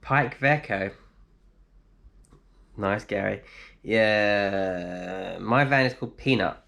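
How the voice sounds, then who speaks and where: A man chatting casually on a live stream from his flat, reading out viewers' comments and answering them. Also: lowish voice, slow, creaky. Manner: chatty, reads out comments and replies, laughs easily. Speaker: vlogger answering live chat. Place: indoors in a flat.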